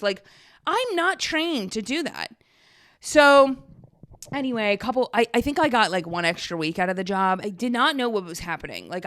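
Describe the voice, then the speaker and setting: A woman's voice: medium pitch, a bit bright. Chatty woman in her thirties. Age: 30s. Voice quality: chatty, many "like" fillers, quotes herself. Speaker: podcast host. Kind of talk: casual storytelling monologue.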